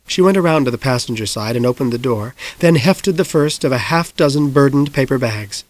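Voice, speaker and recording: A man narrating an audiobook in a hushed, suspenseful manner. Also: mid-range voice, fairly quick, hardly any pauses, dry recording. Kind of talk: scripted narration.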